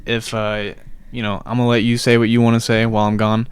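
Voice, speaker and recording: A man's voice: on the low side, monotone, quick pace, clear, resonant tone. A young man hosting a casual podcast chat, laid-back and teasing with crude jokes. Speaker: podcast host.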